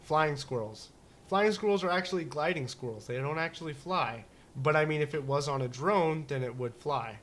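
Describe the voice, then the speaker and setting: A man with a slightly high voice rambles through a casual talk show. He jokes and speculates, often restarting his sentences and leaning on fillers. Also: moderate pace, fairly bright tone, a little hiss or hum. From United States. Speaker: podcast co-host. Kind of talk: casual chat.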